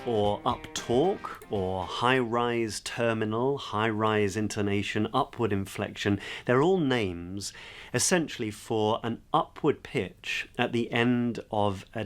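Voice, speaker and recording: A man with a low voice explains a point of speech in an instructional video. He has a steady, teacherly manner and uses some fillers as he goes. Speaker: speech coach.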